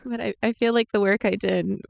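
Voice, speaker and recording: Gravelly-voiced woman playing a tabletop game. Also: medium pitch, fairly even intonation. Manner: chatty, self-mocking, halting. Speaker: player. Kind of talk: casual tabletop play.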